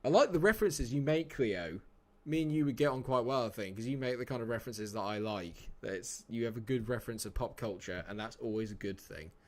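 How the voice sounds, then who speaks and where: A man's voice: medium pitch, expressive, brisk, few pauses, a little mellow. A man, chatting casually and joking with viewers while streaming a game. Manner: chatty, jokey, answers chat by name. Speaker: live-streamer. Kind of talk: casual live-stream chat.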